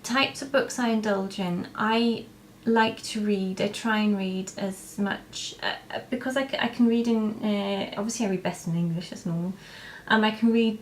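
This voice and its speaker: A woman's voice: mid-range voice, fairly even intonation, normal speed, few pauses. Young woman vlogging, lots of ums and restarts, slight hiss behind. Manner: rambling, hesitant, many ums and restarts. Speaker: vlogger answering viewer questions. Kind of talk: casual chat to camera.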